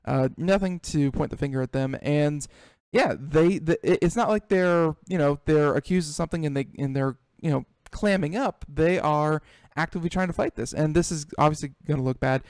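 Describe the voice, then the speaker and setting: A male tech-show host in loose, animated conversation, voice sitting a bit high. He restarts sentences and repeats words as he talks. The sound is close and dry. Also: moderate pace, clear, resonant tone, no echo. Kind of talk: casual tech talk chat.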